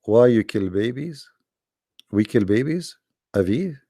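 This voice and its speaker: A man hosting a live debate stream, tired and hoarse, talking in a sarcastic, taunting way. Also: mid-range voice, lively intonation, unhurried, warm tone, no echo, studio quality. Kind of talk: casual mocking live-stream talk. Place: quiet room at home.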